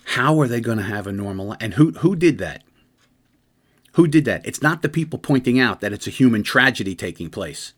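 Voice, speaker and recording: A man's voice: fairly low pitch, fairly bright tone. A man hosting a commentary show, speaking in a heated monologue full of rhetorical questions, repeated phrases and restarts. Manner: impassioned, repetitive, rhetorical questions, frequent restarts. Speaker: political commentary host.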